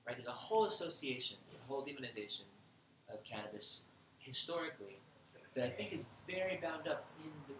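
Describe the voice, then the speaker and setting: A man's voice: mid-range voice, animated, a little fast, fairly bright tone. A man giving a casual, irreverent lecture in a bookstore, thinking aloud and rambling between points. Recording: echoey room with background noise.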